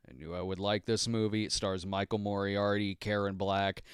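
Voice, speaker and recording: A man's voice: on the low side, moderate pace, clean tone, no room sound. A tired man hosting a podcast, chatting loosely about movies with laughs and fillers, close to the mic. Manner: animated, laughs between thoughts, loose fillers. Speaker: podcast host. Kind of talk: casual rambling movie chat.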